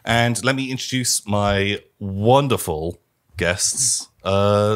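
A man's voice: lowish voice, slow pace, a bit bright. A man hosting a tabletop role-play as its keeper, with a theatrical, enthusiastic delivery. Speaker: game keeper and host. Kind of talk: scripted intro then hosting a tabletop game.

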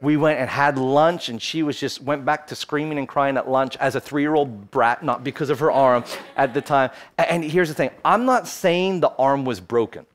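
A man's voice: mid-range voice, normal speed, few pauses. A man in his thirties preaching a sermon as pastor, telling a personal story and building to fervent exhortation. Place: church, streamed online.

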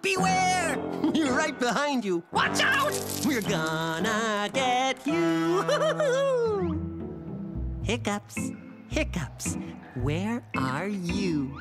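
A woman's voice: high-pitched, wildly swooping pitch, slow pace, full character voice. A woman voicing a small, bubbly, playful cartoon hero in a children's show. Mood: playful chant. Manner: bubbly, playful, sing-song. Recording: cartoon soundtrack with music.

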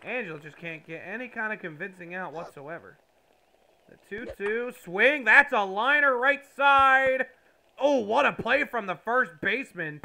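A man giving mock play-by-play commentary over a baseball video game, with sudden loud bursts of excitement. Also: high-pitched, normal speed, gravelly.

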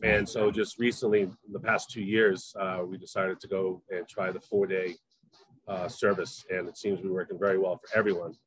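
A middle-aged man with a faint Southern accent talks casually about his work as a chef, rambling and restarting his sentences. His voice sits a little low, and the sound is dry and close. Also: level tone, moderate pace, fairly bright tone, breathy edge, no room sound, poor audio. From Massachusetts. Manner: rambling, many fillers and restarts. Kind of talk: casual interview chat.

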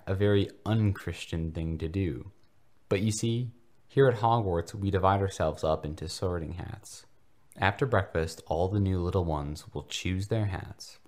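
A kindly, folksy reverend speaks in a deep, unhurried preacher's tone, as a man puts him on. He sounds ponderous and fatherly, in a comedy fanfic reading.

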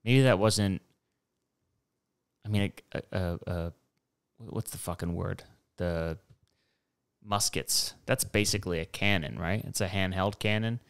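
A man's voice: sits low, unhurried, vocal fry, pauses often, clear, resonant tone, no echo, studio quality. A young man rambling through a solo podcast monologue, digressive and profane, with mocking asides. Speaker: podcast host.

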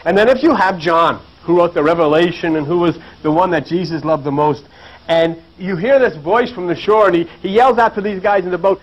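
High-voiced man lecturing with emphasis. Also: fairly quick, low-quality recording. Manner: emphatic, building rhetorical questions; repeats phrases as he builds up. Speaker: lecturer on religion and mythology. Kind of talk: preachy lecture to an audience.

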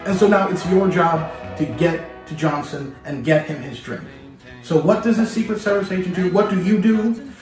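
Lively storytelling man, echoey and distant. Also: sits high, normal speed. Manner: lively, addresses listener directly, playful. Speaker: history video host. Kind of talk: storytelling history explainer. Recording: very echoey room, distant mic, music behind.

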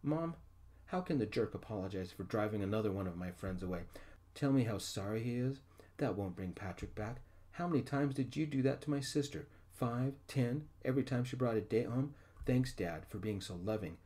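A man's voice: fairly low pitch, expressive, moderate pace, dark tone, close to an everyday voice. A man voicing a young man who is angry at his father, in a raised, indignant voice.

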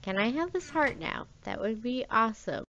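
A woman's voice: a little high, lively intonation, normal speed, a bit bright, dull audio, a little hiss or hum. A woman hosting a let's play, chatting casually and rambling with many fillers as she plays. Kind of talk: casual gameplay commentary.

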